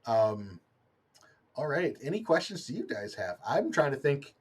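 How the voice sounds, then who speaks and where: A man's voice: mid-range voice, very animated, measured pace, breathy edge. A young man hosting a loose, casual online chat show. He laughs easily and talks hesitantly, stopping and restarting with plenty of ums. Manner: giggly, hesitant, lots of ums. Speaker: host.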